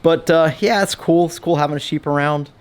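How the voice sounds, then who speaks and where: A man's voice: on the high side, a little fast. A man chatting casually in his home welding shop, rambling with lots of fillers and restarts. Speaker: vlogger showing his shop. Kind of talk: casual vlog chat.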